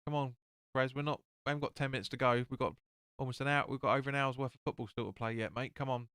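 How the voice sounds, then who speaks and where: A man's voice: mid-range voice, fairly even intonation, fast, fairly bright tone, clean tone, dry recording, studio quality. A man hosting a live football watch-along, calling the play and chatting with viewers as he reads their comments. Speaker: fan watch-along host.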